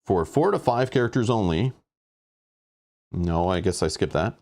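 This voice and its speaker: A man's voice: fairly low pitch, expressive, moderate pace, a little mellow. A man hosting a board game playthrough, reading rules aloud and rambling with exasperation about them. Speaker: host playing a board game.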